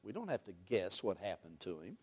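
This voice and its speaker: Lively animated male preacher. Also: sits low, fairly quick, slightly rough. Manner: animated preaching, swings from loud to hushed, asks the congregation questions. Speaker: pastor. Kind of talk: sermon.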